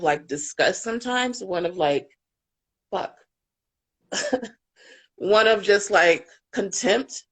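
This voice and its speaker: A woman parent coach speaking candidly and with feeling in a live panel discussion, swearing freely as she talks. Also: fairly low pitch.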